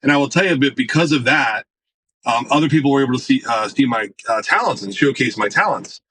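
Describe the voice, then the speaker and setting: A man telling stories in a casual interview, animated, acting out the voices of people he quotes. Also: medium pitch, fast, breathy edge, poor audio. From United States. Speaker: marketing executive guest.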